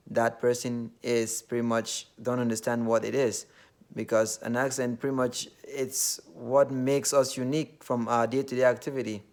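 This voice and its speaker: A man from Nigeria with a Nigerian accent, talking earnestly to the camera in a casual monologue, with many fillers and restarts. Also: mid-range voice.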